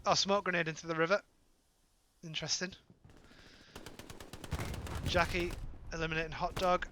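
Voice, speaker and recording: A British man giving live play-by-play commentary on an online shooter match, playful, with joking asides and quick self-corrections. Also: a little high, flat delivery, noisy background. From Britain. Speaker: esports caster.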